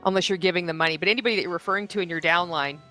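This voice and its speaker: A woman hosts a reaction commentary show, her voice bright and forceful. She talks bluntly and sarcastically, picking apart what she has just watched. Faint music sits far behind her. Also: on the low side, rapid-fire. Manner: mocks others by quoting them in exaggerated voices. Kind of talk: reaction commentary on video clips.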